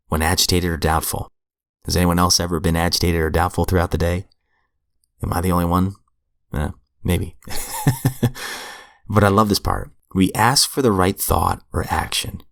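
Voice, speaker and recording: A man with a low, rough, gravelly voice that sounds hoarse, talking as a podcast host in a plain, conversational way. He reads passages aloud, then reflects on them earnestly, and the sound is close and dry. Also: fairly bright tone, dry recording. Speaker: podcast host reading recovery literature. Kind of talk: reflective solo podcast commentary.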